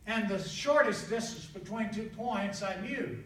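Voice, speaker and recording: An older man from the southern United States, a traveling evangelist, telling his testimony in a folksy, animated way with laughter. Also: sits high, unhurried. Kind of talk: storytelling testimony in conversation. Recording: echoey room, distant mic, faint noise.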